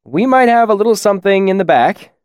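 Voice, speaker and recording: A man's voice: high voice, expressive, a little fast, darkish tone, clear, resonant tone, no echo, clean studio sound, pitched above the performer's own voice. A man voicing a humble, friendly male innkeeper eager to serve his customers. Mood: obliging.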